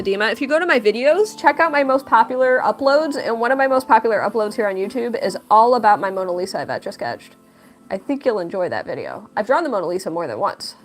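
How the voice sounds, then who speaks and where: Chatty higher-voiced young woman streaming. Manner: chatty, reads chat aloud, laughs often; animated storytelling with big pitch jumps in quotes. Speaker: livestream host and artist. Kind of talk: casual livestream chat.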